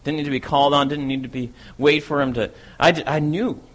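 A man giving a first-person dramatic monologue as the apostle Peter, an impulsive and eager disciple, telling his story in a lively way that speeds up and swells when he gets excited. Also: a little high, fairly quick, lightly acted.

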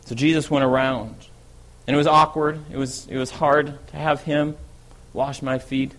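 A man giving a first-person dramatic monologue as the apostle Peter, an impulsive and eager disciple, telling his story in a lively way that speeds up and swells when he gets excited. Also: medium pitch, moderate pace, lightly acted.

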